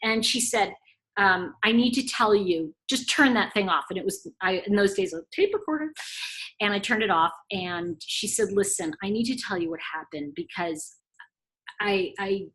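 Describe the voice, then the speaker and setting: A middle-aged woman casually telling a story to camera, chatty and animated, acting out the quoted dialogue. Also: medium pitch, moderate pace. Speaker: intuitive reader and video host.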